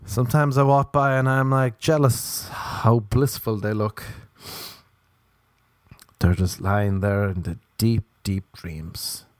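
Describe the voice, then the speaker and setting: A man's voice: lowish voice, fairly even intonation, slow pace, no echo. A man hosting a solo comedy podcast, rambling through crude, self-mocking observations. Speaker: podcast host.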